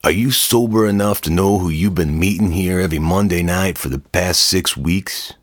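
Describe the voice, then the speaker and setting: A man voicing a burly, bullying man with a gruff, taunting way of talking. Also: low-pitched, normal speed, no echo, studio quality, voice pushed up.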